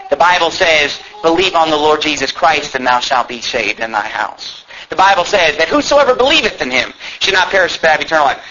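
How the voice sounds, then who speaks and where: A man delivers a fiery sermon from the pulpit, emphatic and sarcastic. His voice sits high and swings widely, with a bright, forceful edge. The recording is a little dull, with a faint steady hum behind him. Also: brisk, hardly any pauses. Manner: emphatic, sarcastic, reads tract dialogue aloud in voices. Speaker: pastor. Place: church.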